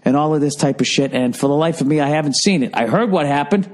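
A man's voice: on the high side, fast, darkish tone. Profane, rambling Boston-accented man. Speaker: podcast host. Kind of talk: solo comedic rant.

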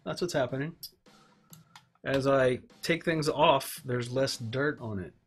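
Speaking slowly in a mid-range voice, a man hosts a casual live stream from his home workbench, with faint music behind him. He rambles, pokes fun at himself, and talks to himself while tinkering away.

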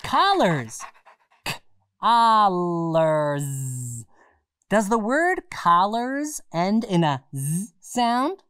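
A woman's voice: fairly high pitch, sing-song, takes it slowly, few pauses, a bit bright, no room sound, clean studio sound, heavily acted. A woman voicing a cheerful, playful dog in a children's educational show, bubbly and giggly. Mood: excited.

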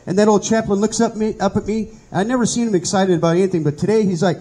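A man's voice: high voice, steady tone, quick pace, warm tone, breathy edge, poor audio. A middle-aged man telling his own testimony in an earnest, conversational way as a Bible study teacher.

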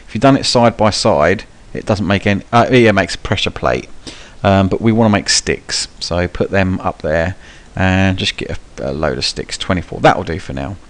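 A man's voice: low voice, moderate pace, hardly any pauses. A young man giving casual, rambling live commentary for a gameplay tutorial, with frequent ums and cheeky swearing. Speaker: gaming channel host.

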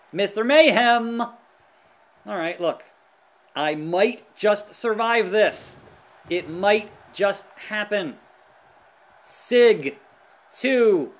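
Excitable high-voiced gaming commentator man. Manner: excitable, groans and yells at the action. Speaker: let's play gamer. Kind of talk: live gameplay commentary.

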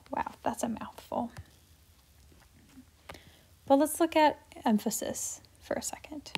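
A woman teaching a grammar lesson in an upbeat, playful way, dropping to soft asides while she writes. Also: high-pitched. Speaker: Spanish teacher.

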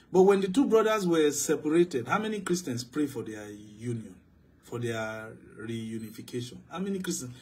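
A man preaching a sermon as pastor, swinging between loud, emphatic declarations and low, quiet asides. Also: slight background noise.

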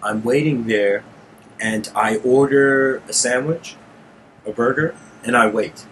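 A man hosting his channel, telling a personal story in an animated monologue, addressing listeners as "guys" and getting heated and intense. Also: mid-range voice, slow pace, slight background noise. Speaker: channel host giving a lecture.

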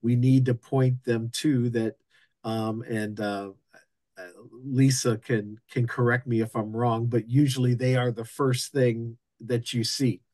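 A man, a union local president, giving town hall remarks haltingly, with many ums and restarts. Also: medium pitch, flat delivery, a little mellow.

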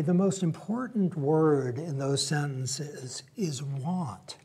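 A man's voice: fairly high pitch, a little mellow, husky. A man giving a public lecture in a reflective, conversational way, weaving in personal stories.

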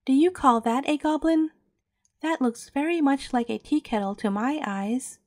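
A woman's voice: sits high, animated, normal speed, no echo, clean studio sound. A woman voicing the teasing young boy pupils of a storybook tale, questioning and mocking.

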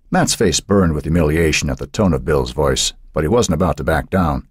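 A man narrating an audiobook with expressive storytelling. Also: rumbling low, normal speed, hardly any pauses, slightly rough, dry recording, clean studio sound. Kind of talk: scripted narration.

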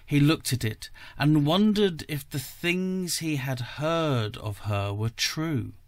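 A male podcast host reads a short story in a measured, careful manner. His pace is slow and unhurried. The recording is dry with no room sound, at a mid pitch. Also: creaky, no room sound.

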